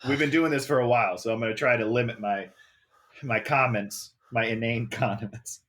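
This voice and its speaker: A man's voice: mid-range voice, steady tone, normal speed, a bit bright. A man co-hosting a comedy podcast, trading sarcastic quips about a bad movie. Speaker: co-host.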